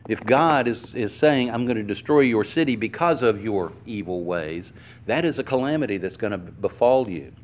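A man preaching a sermon to a congregation, explaining word meanings slowly and stressing each word. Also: dull audio. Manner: animated, acts out quoted lines with pitch swings. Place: church hall before a congregation.

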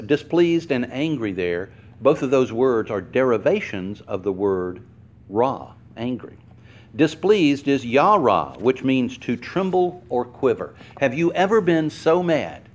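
A man preaching a sermon to a congregation, explaining word meanings slowly and stressing each word. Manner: animated, acts out quoted lines with pitch swings. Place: church hall before a congregation.

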